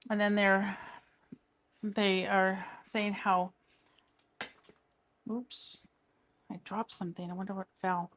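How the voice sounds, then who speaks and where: Middle-aged woman, rambling craft-vlog chatter, mid-pitched voice. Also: flat delivery, takes it slowly, pauses often. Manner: rambling, chatty, trails off and restarts. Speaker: crafting vlogger. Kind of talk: casual chat while diamond painting.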